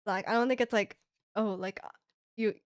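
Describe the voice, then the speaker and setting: A young woman from Canada streaming live, chatting casually and reading her chat aloud, rambling with lots of filler words and quick laughs. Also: medium pitch, steady tone, dry recording. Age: young adult. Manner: rambling, heavy use of "like" fillers, frequent laughs.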